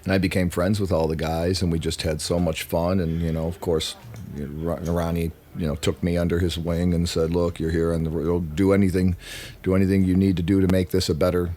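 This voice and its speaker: A man guest in an interview, telling stories in a loose, animated way, swearing freely and acting out what others said. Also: low-pitched, fairly quick, few pauses. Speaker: musician guest. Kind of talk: casual interview storytelling.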